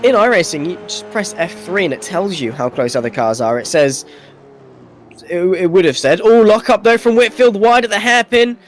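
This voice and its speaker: A man co-commentating a sim race, calling the action excitedly. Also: sits high, a little fast, few pauses, soft background music.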